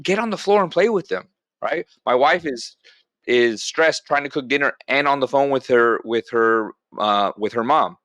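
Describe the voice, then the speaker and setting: A middle-aged veteran speaking as a podcast guest, telling motivational stories in a blunt, animated way and calling listeners bro. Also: male voice, medium pitch, normal speed, no echo. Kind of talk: motivational storytelling.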